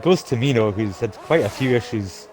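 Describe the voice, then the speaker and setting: A man's voice: on the low side, lively intonation, moderate pace, a little mellow, a little hiss or hum. A man commentating a live sim race, calling positions and reading chat aloud. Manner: play-by-play calls, reads out chat.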